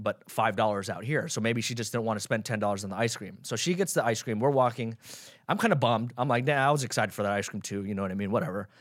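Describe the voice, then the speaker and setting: A young man hosting a solo podcast, ranting sarcastically with plenty of swearing, swinging from loud mock outrage to mumbled asides. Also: mid-range voice, dry recording, clean studio sound. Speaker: podcast host. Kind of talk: casual solo podcast rant.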